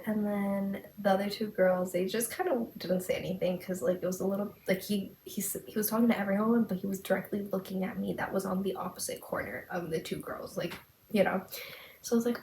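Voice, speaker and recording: Chatty young woman podcaster, gravelly edge. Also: medium pitch, normal speed, a little mellow. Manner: chatty, lots of "like", dramatic retelling. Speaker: podcast host. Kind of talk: casual storytelling. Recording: echoey room with faint hiss.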